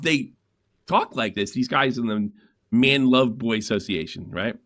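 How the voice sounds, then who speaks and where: A man hosting a live stream, rambling and animated as he tells a story. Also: mid-range voice, a little slow. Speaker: stream host. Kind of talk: casual live-stream talk.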